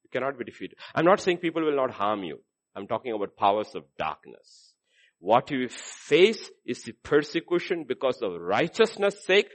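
Emphatic preacher with a lively voice. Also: male voice, moderate pace. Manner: emphatic and repetitive, swinging from loud exhortation to low intensity. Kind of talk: sermon.

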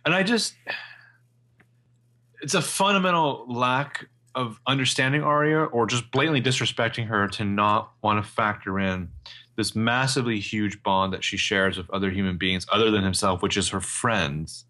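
A man's voice: on the low side, normal speed, pushed and bright. A man co-hosting a casual TV recap, sarcastic and blunt, with some swearing. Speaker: podcast co-host.

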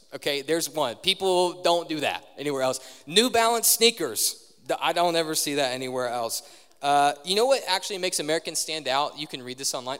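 Young male preacher, higher voice, casual sermon with crowd questions, long church-hall reverb. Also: fairly bright tone. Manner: conversational, quizzes the audience. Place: large church hall with live audience.

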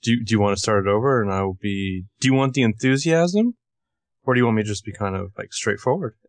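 A man co-hosting a casual podcast with wry, understated humor and a low-key delivery. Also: animated, fast, no echo. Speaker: podcast co-host.

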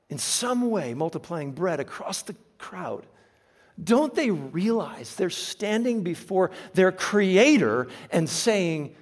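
A man preaching a sermon, earnest and emphatic, slowing down to stress key phrases. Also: sits high.

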